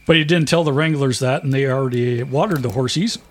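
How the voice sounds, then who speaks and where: Mid-pitched man telling wry anecdotes. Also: a little fast. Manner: relaxed, wry, mimics people in anecdotes. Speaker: podcast host. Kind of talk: casual storytelling chat.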